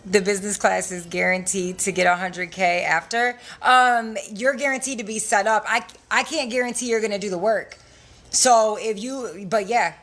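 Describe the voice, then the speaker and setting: A woman's voice: mid-range voice, steady tone, normal speed, a bit bright. A young woman hosting a casual livestream, talking bluntly with lots of swearing and frequent laughter. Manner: profane, blunt, laughs often. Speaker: livestream host selling credit classes.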